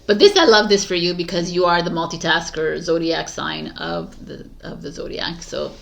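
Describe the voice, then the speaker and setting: A woman reading tarot in vlog bloopers, giggling and flustered, stumbling and restarting, with quiet asides under her breath. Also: lowish voice, moderate pace, gravelly. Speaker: tarot reader.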